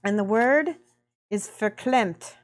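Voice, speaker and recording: A woman's voice: medium pitch, slow. A middle-aged woman hosting a miniature painting livestream, chatting casually and laughing often as she greets viewers by name.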